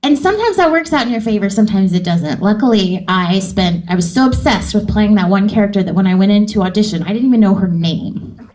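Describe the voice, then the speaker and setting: A voice actress in an interview, telling a story in an animated way and slipping into the voices she plays. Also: mid-range voice, fast talker, low-quality recording. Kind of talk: interview anecdote.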